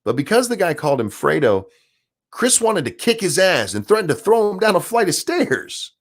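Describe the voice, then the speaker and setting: A man's voice: sits high, sing-song, normal speed. A man hosting a live stream, reading news articles aloud and ranting about them with sarcasm and profanity.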